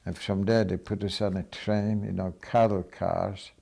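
A man's voice: sits low, fairly even intonation, unhurried, creaky, dark tone. An older man giving plain, matter-of-fact testimony as a Holocaust survivor. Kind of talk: personal testimony.

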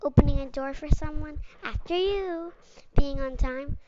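A woman reading a children's picture book aloud in a gentle, playful read-aloud manner. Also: high voice, a little slow. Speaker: storyteller. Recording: muffled lo-fi recording with clear background noise.

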